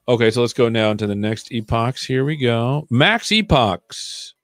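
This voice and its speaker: A man's voice: mid-range voice, very animated, moderate pace, few pauses, dry recording, soft background music. A man hosting a live coding stream, chatting casually and joking while he thinks aloud.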